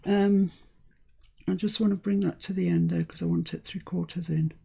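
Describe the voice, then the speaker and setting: A woman's voice: lowish voice, fairly even intonation, moderate pace, gravelly, dark tone, slightly rough. A woman from the UK hosting a live crafting demonstration, chatting as she talks herself through each step. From United Kingdom. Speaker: crafting channel host.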